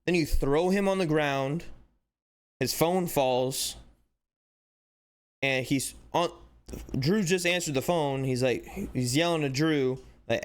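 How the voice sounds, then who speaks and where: A man hosting a sports channel, giving casual, animated commentary with exasperated rhetorical questions and lots of "like". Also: a little high, takes it slowly, long pauses, clean tone. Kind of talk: casual commentary breaking down footage.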